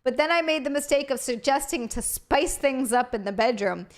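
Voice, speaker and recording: A young woman co-hosting a casual chat show, chatty and reactive and quick to tease. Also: high-pitched, expressive. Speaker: co-host.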